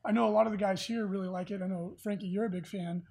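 Husky-voiced male podcast host. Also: high voice, steady tone, fast talker, darkish tone. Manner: chatty, easygoing, with frequent filler words. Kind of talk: casual podcast chat about tabletop games.

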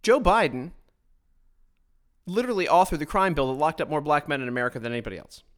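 A man's voice: a little high, quick pace. Blunt, sarcastic man ranting into a podcast mic. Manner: blunt, sarcastic, frequent restarts. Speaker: podcast host. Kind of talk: political commentary monologue. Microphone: his own podcast microphone.

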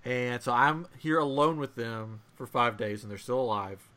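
A young man on a podcast telling a long family story in casual chat, animated and laughing as he acts out voices. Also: mid-range voice, normal speed, clear, resonant tone. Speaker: podcast host.

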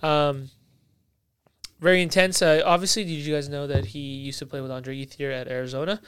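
A man hosting a casual sports chat, rambling, losing his thread and filling pauses. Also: on the high side, little pitch movement, a bit bright, smooth, no echo. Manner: rambling, loses his thread, many fillers. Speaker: podcast host.

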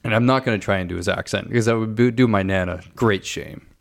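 Fairly low and gravelly, this voice moves at a quick pace over a slight hiss or hum. He's a podcast co-host from Canada in his thirties, casually relating a lengthy travel story that wanders into asides and corrects itself along the way.

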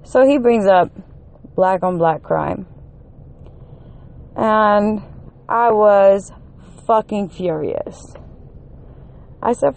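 A woman giving an angry, profanity-filled rant to her camera, running on one hour of sleep and climbing to shouts when her temper peaks. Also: mid-range voice, expressive, very slow, pauses often. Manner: heated, swearing constantly, rising to shouts. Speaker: vlogger.

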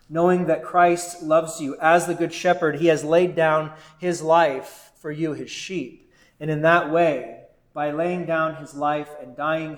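Guy preaching a sermon, kinda high voice, takes it slow w pauses. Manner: measured preaching with deliberate pauses. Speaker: pastor.

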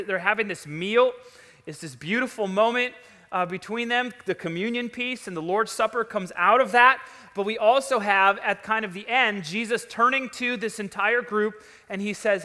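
Male pastor, conversational sermon, bright forceful tone, big church hall reverb. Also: high-pitched. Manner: conversational, storytelling, emphatic. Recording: long reverb of a large hall.

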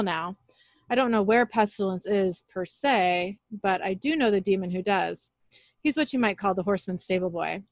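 A woman narrates an episode in a casual recap, reading out the characters' dialogue in her everyday voice. Her pitch sits in the middle for a woman. The sound is dry and close, with no room echo. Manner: reads every character's lines in her own voice, laughing at her slips.

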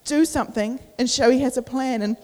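A woman's voice: high-pitched, brisk, darkish tone. Chatty young woman preaching in a hall. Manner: chatty, many "like" fillers, acts out inner voices. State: out of breath. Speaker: youth preacher. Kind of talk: casual sermon. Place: church. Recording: echoey church hall.

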